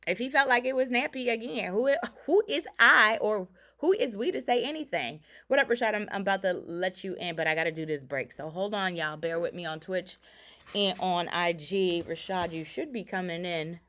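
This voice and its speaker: Woman radio host, animated and sassy, casual talk-show delivery, bright voice. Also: lowish voice, normal speed.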